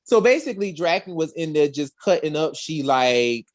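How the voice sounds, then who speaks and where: A man hosting a podcast, telling a comic story in a slangy, animated way. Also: fairly high pitch, normal speed. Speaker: podcast host. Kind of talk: casual comic recap chat.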